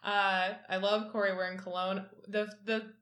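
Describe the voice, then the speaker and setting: A woman's voice: medium pitch, flat delivery, normal speed, crowd noise. Easygoing woman in an echoey room. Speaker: podcast co-host. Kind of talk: casual chat.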